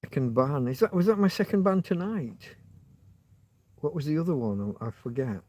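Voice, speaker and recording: A man's voice: fairly high pitch, expressive, moderate pace, darkish tone. Rambling, wry man on a livestream. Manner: rambling, wry, self-mocking, hesitant restarts. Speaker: livestream host. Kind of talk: rambling live chat with viewers. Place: outdoors in a field. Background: passing motorbike.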